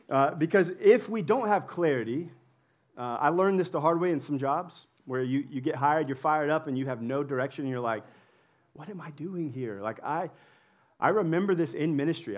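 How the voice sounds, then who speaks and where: A man's voice: a little high, fast. A male pastor preaching to his congregation in a playful, chatty way and laughing often as he brings volunteers up on stage. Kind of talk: sermon with audience interaction. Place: church hall with congregation.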